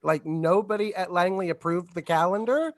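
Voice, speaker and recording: A man co-hosting a podcast, chatting casually with quick, incredulous quips and easy swearing. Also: high voice, dry recording. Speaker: podcast co-host. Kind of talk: casual chat.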